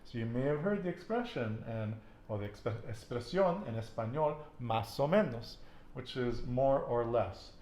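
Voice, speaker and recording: A man's voice: medium pitch, animated, moderate pace, darkish tone, roomy sound, slight background noise. A man teaching a casual language lesson, patiently asking questions and repeating his student's answers with encouragement. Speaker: Spanish teacher.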